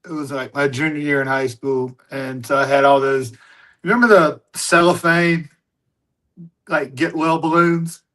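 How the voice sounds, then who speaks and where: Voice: mid-range voice, fairly even intonation, a little slow, a bit bright, poor audio. Laid-back storyteller swearing freely. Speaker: host. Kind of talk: casual chat.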